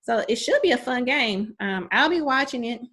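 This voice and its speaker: A woman's voice: on the high side, animated, a bit bright. A woman co-hosting a casual sports podcast, agreeing readily and adding short comments to her partner's points. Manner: agreeable, quick affirmations, laughs along. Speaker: podcast co-host.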